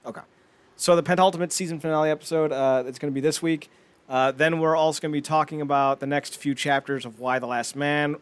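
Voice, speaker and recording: A man co-hosting a podcast, excitable and mocking in casual chat. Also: fairly high pitch, clear, resonant tone. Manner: excitable, mocking, quick to laugh. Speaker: podcast co-host.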